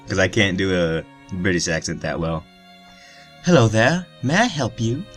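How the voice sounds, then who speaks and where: A man's voice: low-pitched, a bit bright. A man reading a visual novel aloud for a let's play, breaking off with crude, joking asides. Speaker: let's player.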